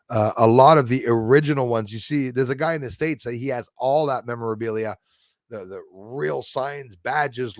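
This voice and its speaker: A man's voice: medium pitch, dry recording, clean studio sound. A man hosting a livestream from a rural home, rambling and chatty as he reads viewer comments aloud. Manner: rambling, chatty, jumps between topics. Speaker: channel host.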